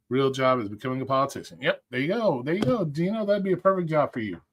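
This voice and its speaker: A man's voice: fairly high pitch, very animated, quick pace, hardly any pauses. A man hosting a livestream, talking casually and ranting with lots of swearing as he checks his likes and picks videos. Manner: rambling, profane, ranting. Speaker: livestream host.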